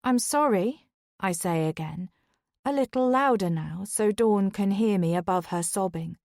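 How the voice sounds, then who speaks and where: A woman reading a first-person thriller audiobook in a calm, even storytelling voice. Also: medium pitch, normal speed, no room sound, clean studio sound. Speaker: audiobook narrator.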